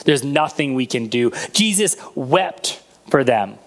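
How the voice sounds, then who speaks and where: A man's voice: mid-range voice, expressive, slow pace. A man preaching a sermon as a pastor, retelling a Bible story and acting out the voices in it.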